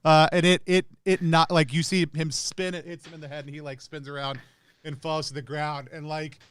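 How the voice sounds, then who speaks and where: A man's voice: fairly high pitch, flat delivery, moderate pace, a bit bright, clean tone. A man narrating a tabletop game as game master, rambling with lots of fillers.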